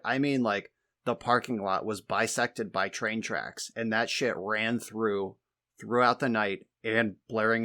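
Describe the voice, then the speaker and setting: A man's voice: on the low side, sharp tone. A man co-hosting a podcast, telling exasperated, wry stories in casual chat and swearing freely. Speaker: podcast co-host.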